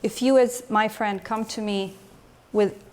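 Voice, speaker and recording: A woman with a middle-pitched voice leads a lecture as an emotional health coach. She talks to a live group in a room and keeps drawing them in with questions. Her delivery is conversational rather than scripted. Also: steady tone, unhurried, darkish tone. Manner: engaging, asks the audience questions. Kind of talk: lecture with audience exchange.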